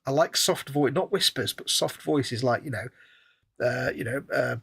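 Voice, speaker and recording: A man with a husky, slightly breathy voice and an average pitch. He rambles along in a loose, wry, chatty way, co-hosting a relaxed live stream. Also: moderate pace. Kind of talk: casual chat while building models.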